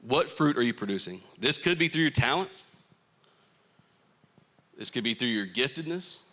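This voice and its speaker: A young man with a Southern US accent preaching to a youth group, animated and joking with the crowd between points. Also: mid-range voice, moderate pace. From Florida. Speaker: youth pastor. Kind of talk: youth sermon.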